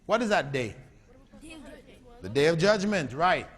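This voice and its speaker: A man's voice: a little high, sing-song, a little slow. Guy giving a religious talk, keeps asking the crowd questions, voice rings in a big hall. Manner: quizzes the audience with repeated questions. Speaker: Islamic lecturer. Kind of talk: lecture to a live audience. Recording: long hall reverb.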